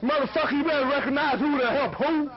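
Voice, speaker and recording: A man putting on a shrill, squealing, over-the-top comic character with a high, strained voice. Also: fast, highs cut off, a little hiss or hum. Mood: taunting.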